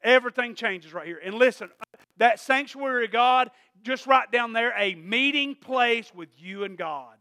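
A man preaching a sermon in a church, asking "Amen?" again and again and swinging from quiet asides to loud emphatic peaks. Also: very high-pitched, animated, normal speed, dry recording, studio quality. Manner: call-and-response preaching, repeated "Amen?". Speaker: pastor.

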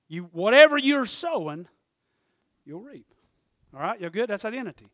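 A high-pitched man, preaching an animated sermon. He tells stories with big swings between loud bursts and quiet asides. The sound is dry, with no room echo. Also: normal speed. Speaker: pastor.

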